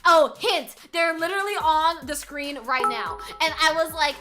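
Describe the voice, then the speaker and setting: A woman's voice: high-pitched, normal speed, few pauses, pushed and bright, faint music behind. A young woman hosting a quiz on a live stream, chatting casually, laughing often, reading chat aloud and swearing freely.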